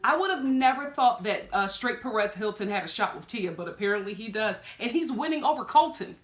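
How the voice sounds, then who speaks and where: Woman doing a chatty tv recap vlog, kinda high voice, roomy echo, laughs a lot. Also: brisk, a little hiss or hum. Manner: animated, lots of laughs and high exclaims. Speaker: vlogger reviewing a TV show. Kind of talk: casual chatty review.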